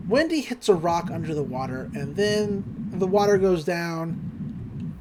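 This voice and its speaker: A chatty woman retelling a cartoon episode on a podcast, full of "like" and "uh". Her pitch is lively and expressive, swinging up and down as she narrates. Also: unhurried, background noise. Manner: chatty, animated, filler-heavy. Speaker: podcast host. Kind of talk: casual episode recap.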